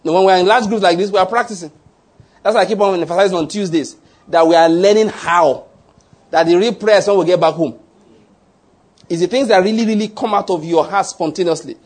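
A man, preaching a slow, emphatic sermon to a congregation as pastor. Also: sits high.

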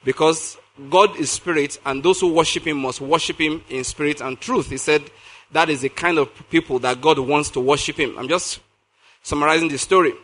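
A man's voice: a little high, moderate pace, fairly bright tone. A man preaching a sermon, reading scripture aloud, explaining it with emphasis and asking his listeners questions. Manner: emphatic, repeats key phrases, asks the audience questions.

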